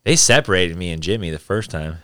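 Bright, lively man cursing casually. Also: deep voice, fairly quick, smooth, no room sound, studio quality. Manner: profane, animated storyteller. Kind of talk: casual chat.

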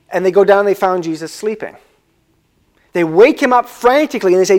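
A male pastor giving a conversational sermon, asking the listeners questions and slowing down to stress key words. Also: sits high.

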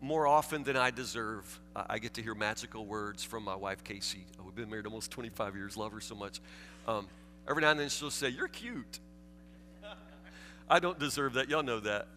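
A man's voice: on the low side, fairly quick, bright, forceful tone, faint music behind. A man, preaching a folksy, self-deprecating sermon in a large church, recorded with long hall reverb. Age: 40s. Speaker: pastor. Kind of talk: sermon with storytelling.

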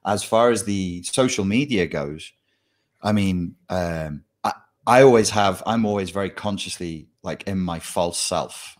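A man talking in casual chat, polite and halting, often repeating words as he starts a thought. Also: deep voice.

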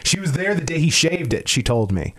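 A man's voice: on the high side, sing-song, fairly quick, fairly bright tone. Man, comedian, casual podcast storytelling, profane, laid-back, chuckling. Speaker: comedian, guest.

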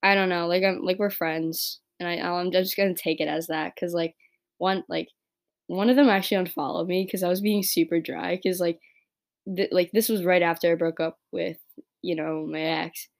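A teenage girl from New York talking through her breakup on her own podcast, rambling and filling every pause with "like" and "right?". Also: lowish voice, fairly even intonation, gravelly. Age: teens. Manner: rambling, heavy use of "like" and "right?". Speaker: podcast host. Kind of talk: casual personal podcast monologue.

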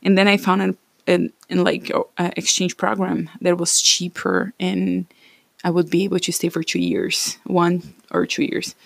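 A woman's voice: fairly low pitch, moderate pace, creaky, no room sound. A woman in her thirties from Brazil with a Brazilian Portuguese accent, talking in a rambling, encouraging casual vlog.

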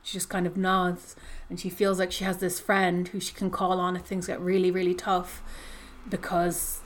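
A woman's voice: on the low side, completely flat delivery, normal speed. A woman hosting a podcast, chatting casually about a book she is recapping, with frequent fillers. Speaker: podcast host discussing a book. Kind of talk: casual chat.

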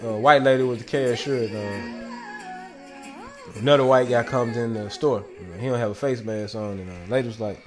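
A man's voice: mid-range voice, a little fast, soft background music. A man talking in a loose, rambling solo monologue, swearing constantly and often breaking into laughter. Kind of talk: casual profane monologue.

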